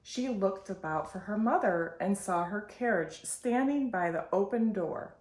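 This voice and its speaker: A woman hosting storytime, reading a picture book aloud in a slow, expressive way. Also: mid-range voice. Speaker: storytime host. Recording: roomy echo.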